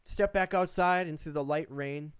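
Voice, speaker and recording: A young man narrating a tabletop game as game master, rambling with many pauses and restarts. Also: a little high, clean tone, dry recording.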